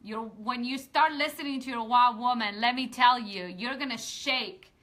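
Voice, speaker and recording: A woman's voice: fairly high pitch, moderate pace, pushed and bright. A woman hosting a casual live video, speaking earnestly and heartfelt to her viewers, often restarting her sentences and building to rousing motivational appeals. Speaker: women's empowerment coach hosting a live video.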